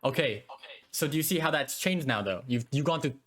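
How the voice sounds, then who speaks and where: A man's voice: medium pitch, lively intonation, brisk, crowd noise. A man hosting a debate, patiently questioning his guest through hypothetical scenarios. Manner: probing, patient, poses hypotheticals. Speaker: host.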